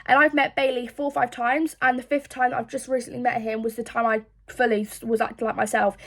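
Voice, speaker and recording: High-voiced young woman. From England. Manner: rambling, frank, swears a lot. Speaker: social media creator. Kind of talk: casual confessional chat.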